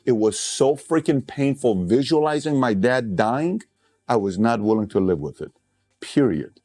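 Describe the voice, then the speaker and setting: A man's voice: medium pitch, animated, unhurried, mellow. Impassioned male motivational speaker. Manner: emphatic and impassioned, building to outbursts; blunt, conversational storytelling. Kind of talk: motivational speech.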